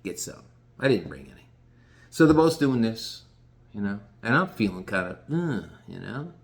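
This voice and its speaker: A man's voice: on the low side, animated, moderate pace, creaky. A man casually telling a rambling, profane story, often restarting his sentences.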